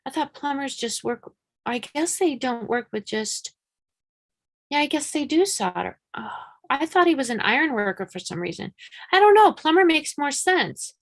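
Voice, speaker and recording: Giving a live-streamed reading, a psychic medium speaks in a high voice with lively intonation at a moderate pace. She's chatty and blunt, swearing casually and hammering her points home through urgent repetition.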